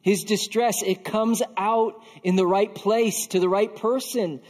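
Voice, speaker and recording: High-voiced preacher in a long-reverb hall. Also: male voice, fairly even intonation, a little slow, darkish tone. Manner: casual and earnest, with frequent filler "like". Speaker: pastor. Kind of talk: conversational sermon.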